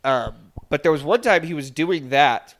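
A man's voice: on the high side, animated, moderate pace, fairly bright tone. A young man co-hosting a podcast, telling a story in casual chat and mimicking voices in quotes. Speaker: podcast co-host.

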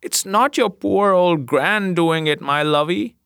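Male reader playing an old charwoman. Meek, deferential, a bit higher than his own voice, dry booth. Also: very animated, moderate pace, a bit bright, breathy edge, dry recording, full character voice. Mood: tender. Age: older. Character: weary old charwoman, grandmother.

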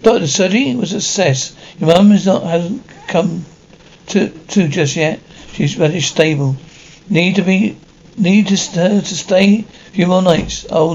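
A man voicing a brisk, matter-of-fact doctor. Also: high-pitched, darkish tone, highs cut off.

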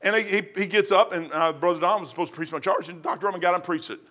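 High bright-voiced guy preaching a testimony, animated, gets loud then stammers. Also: racing. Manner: animated storytelling with sudden loud outbursts. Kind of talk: testimony sermon.

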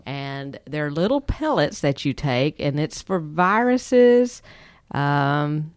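A woman's voice: low voice, sing-song, takes it slowly, no room sound. A woman, co-hosting a health podcast and chattily explaining products. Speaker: podcast co-host. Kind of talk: casual health podcast chat.

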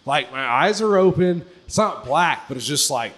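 Profane, animated male podcast storyteller. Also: moderate pace. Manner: profane, animated storytelling, pitch jumps high on quoted lines. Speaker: podcast co-host. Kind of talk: casual storytelling chat.

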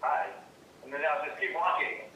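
Bright animated man in an echoey room. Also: normal speed. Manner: animated, hesitant restarts, swearing. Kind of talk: casual chat among friends. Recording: echoey room, from far off, faint rumble.

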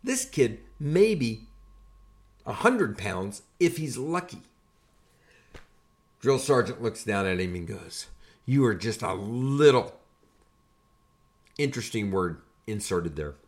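Older guy telling army stories on his podcast, animated, builds to punchlines. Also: fairly low pitch, takes it slowly, long pauses. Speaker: podcast host and army veteran. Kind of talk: casual storytelling.

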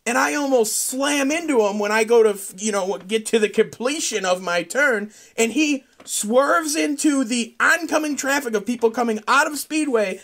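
A man hosting a solo podcast, telling a profane, rambling story that climbs into loud outbursts. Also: very high-pitched, moderate pace, few pauses. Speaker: podcast host.

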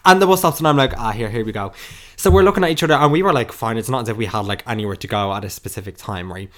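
Young Irish man, Dublin accent, chatty podcast co-host, fast, plays out every line of a story. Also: mid-range voice, fairly bright tone. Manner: rambling storyteller, acts out quotes. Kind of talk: casual chat.

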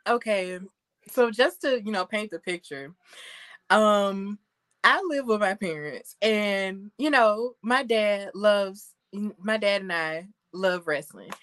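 A woman in her thirties co-hosting a wrestling aftershow, chatting in an animated, gushing way with lots of fillers and laughs. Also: medium pitch. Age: 30s. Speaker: aftershow co-host. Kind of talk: excited casual chat.

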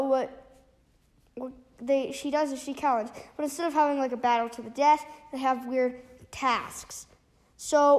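A woman casually retelling a book's plot, halting often with restarts and fillers. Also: high voice. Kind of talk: casual spoken book recap.

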